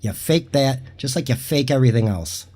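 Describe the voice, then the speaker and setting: A man's voice: mid-range voice, lively intonation, a little fast, warm tone. A man with a mid-range voice speaks as a guest on a casual livestream. He argues in a sarcastic, combative way and swears freely.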